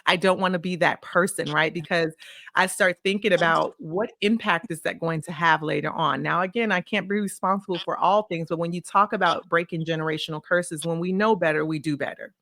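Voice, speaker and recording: A woman guest on a podcast, telling personal stories in a casual, animated way and acting out remembered dialogue. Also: on the low side, a little fast, dry recording, clean studio sound. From Illinois, USA. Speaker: podcast guest, consulting firm CEO. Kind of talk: casual interview storytelling.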